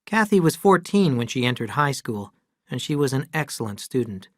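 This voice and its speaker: A man narrating an audiobook in a measured, clear reading voice. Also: mid-range voice, sing-song, no room sound, clean studio sound.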